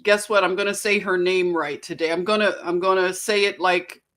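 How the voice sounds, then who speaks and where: A woman's voice: lowish voice, steady tone, normal speed, fairly bright tone. An American woman hosting a casual livestream, greeting viewers by name and talking things through with frequent restarts and self-corrections. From United States. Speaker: livestream host.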